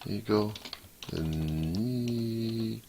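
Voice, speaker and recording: A man's voice: on the low side, extremely slow, dark tone, slight background noise, voice pushed up. A man voicing a vengeful swordsman out for revenge, stretching the lines in a hammy way. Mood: dramatic.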